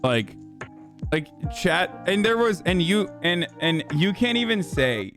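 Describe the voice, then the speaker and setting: A man's voice: sits high, big pitch swings, takes it slowly, faint music behind. Profane, mocking young man streaming. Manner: profane, mocking, loud bursts of laughter. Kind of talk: casual livestream chat.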